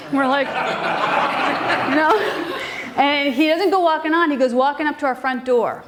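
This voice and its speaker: A woman telling a personal story to a live audience in an animated, casual way with frequent fillers. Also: high-pitched, moderate pace, slight background noise.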